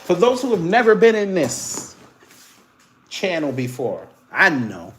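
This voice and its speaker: A man's voice: high voice, measured pace. A man from the Caribbean hosting casual commentary, reading posts aloud with sarcastic, mocking remarks and muttered asides. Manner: animated, sarcastic, mocking, swings between loud and muttered asides. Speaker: political commentary host.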